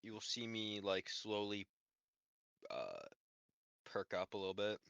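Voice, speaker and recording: Lively man player with dull audio. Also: on the low side, vocal fry, dry recording. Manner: quick, hesitant, with restarts. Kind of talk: casual tabletop role-play.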